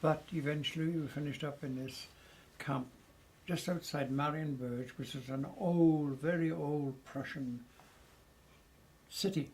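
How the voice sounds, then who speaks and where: A man in his eighties recounting old memories to family at home, lively and chuckling as he tells it. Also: on the high side, unhurried, a little hiss or hum, low-quality recording. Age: 80s. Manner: lively storyteller who chuckles often. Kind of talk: casual storytelling.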